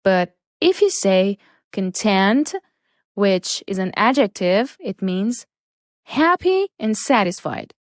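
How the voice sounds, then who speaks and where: A woman teaching a lesson, reading out words and example sentences slowly and deliberately. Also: medium pitch, sing-song, no echo, clean studio sound. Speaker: English teacher. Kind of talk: slow, careful English lesson.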